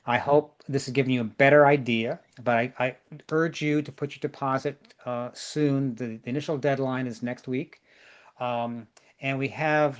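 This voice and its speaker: Guy running a group tour, casual jokey tips over a video call, says please please please a lot. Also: mid-range voice. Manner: chatty, jokey, repeats words for emphasis. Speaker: tour organizer.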